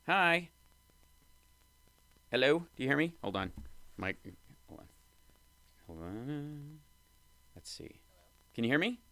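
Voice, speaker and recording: A man hosting a live stream, reacting to clips with wry, excitable commentary. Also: a little high, slow pace, long pauses. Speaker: host.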